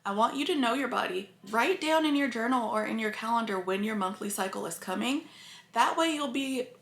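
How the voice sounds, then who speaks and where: A woman's voice: a little high, expressive, a little fast, a bit bright. A woman vlogger talking earnestly and openly to her viewers, emotional and close to tears. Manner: earnest and confiding, addresses viewers often. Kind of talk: casual talk to camera. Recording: echoey room.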